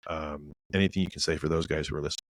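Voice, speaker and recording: Deep-voiced male podcast host. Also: steady tone, rapid-fire, rough recording. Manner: long winding questions. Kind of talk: podcast conversation.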